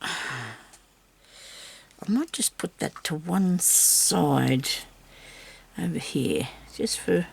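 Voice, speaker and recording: A woman's voice: on the low side, lively intonation, very slow, creaky, long pauses, a little mellow, husky. A woman chatting casually as she crafts on camera, talking to herself and her viewers and teasing herself with small laughs. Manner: chatty, talks to herself and viewers while working. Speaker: crafter filming a tutorial.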